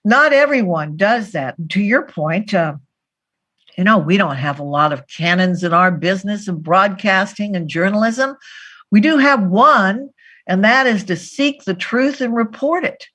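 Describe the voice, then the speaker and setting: A woman's voice: medium pitch, expressive, measured pace, fairly bright tone. A woman broadcaster presenting an award at a conference, speaking emphatically and directly. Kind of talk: conference speech.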